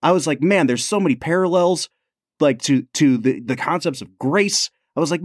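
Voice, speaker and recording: An animated man co-hosts a podcast in casual chat, his pitch swinging widely as he talks emphatically and laughs often. The sound is dry and close, with no room echo. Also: moderate pace. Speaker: podcast co-host.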